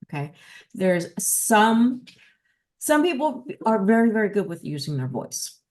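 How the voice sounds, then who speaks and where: A woman with a New Jersey accent hosting a podcast as a dog trainer, explaining in an emphatic, lively teaching manner. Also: medium pitch, measured pace. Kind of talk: casual podcast talk.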